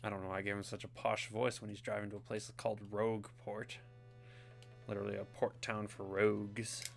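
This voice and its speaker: A man's voice: on the low side, level tone, brisk, vocal fry, faint music behind. A man giving chatty, rambling commentary while playing a video game. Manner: chatty, rambling, self-amused. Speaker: gaming video host. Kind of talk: casual let's-play commentary.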